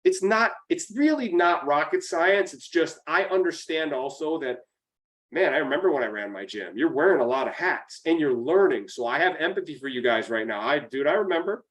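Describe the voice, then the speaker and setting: This upstate New York man talks with a slightly high voice. He is a podcast guest giving blunt, profane, emphatic business coaching in casual motivational chat. He sounds a little distant from the microphone. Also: animated, normal speed. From central New York.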